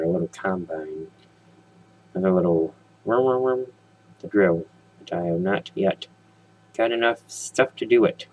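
A man with a deep, slightly husky voice gives casual gameplay commentary. He rambles from topic to topic, tossing jokes and questions at his viewers. His talk is loose and chatty. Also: darkish tone, rough recording. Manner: rambling, jokey, talks straight to viewers. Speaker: let's play host.

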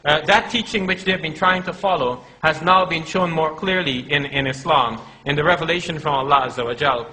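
A man's voice: a little high, fairly quick, few pauses, bright, forceful tone, low-quality recording. A man preaching a religious lecture to an audience of brothers, arguing his points step by step and acting out imagined dialogues. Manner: argumentative, acts out quoted dialogue. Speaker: Islamic preacher.

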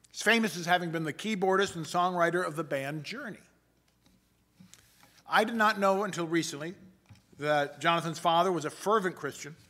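A man, a pastor, preaching a sermon in a measured, emphatic way and slowing down for quoted passages. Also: sits high, bright, forceful tone. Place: church sanctuary.

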